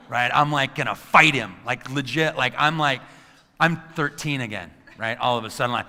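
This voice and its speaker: A man's voice: medium pitch, moderate pace, gravelly, bright, forceful tone. A middle-aged man giving a motivational talk to a live audience, acting out scenes in his stories and quizzing the crowd. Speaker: motivational speaker and coach. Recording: long reverb of a large hall.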